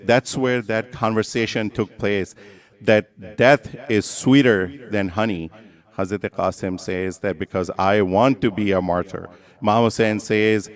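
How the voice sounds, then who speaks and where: A man giving a religious sermon as emotional storytelling, building from hushed telling to impassioned, near-chanting cries. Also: fairly low pitch, measured pace. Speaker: religious speaker.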